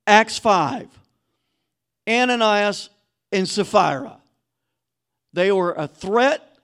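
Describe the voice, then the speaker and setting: A man preaching a sermon as pastor, emphatic, dropping to a hush and rising again. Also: sits high. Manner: emphatic preaching, drops to a hushed voice then rises.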